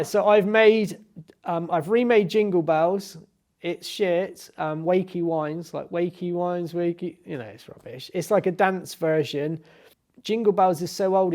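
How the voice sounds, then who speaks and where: A man's voice: a little high, warm tone. A young man chatting casually in an interview, rambling with many restarts. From Cornwall. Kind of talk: casual chat.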